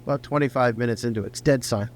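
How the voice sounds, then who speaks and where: A middle-aged man spins a loose, winding anecdote in plain conversational speech, his voice sitting at an ordinary mid pitch. A faint hum lies under the recording. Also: rapid-fire. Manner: rambling anecdotal storyteller, swears casually. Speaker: guest, company founder. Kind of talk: casual storytelling interview.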